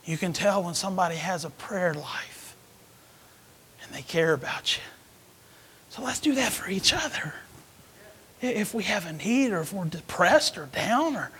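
A man preaching a sermon as associate pastor, swinging between hushed whispers and loud emphatic calls. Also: high-pitched, big pitch swings, moderate pace, pauses often, slight background noise. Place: church sanctuary.

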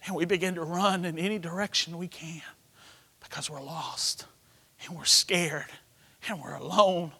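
A middle-aged man, preaching a sermon through a personal story, swinging from hushed to loud. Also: on the high side, steady tone, measured pace, husky, in a large hall.

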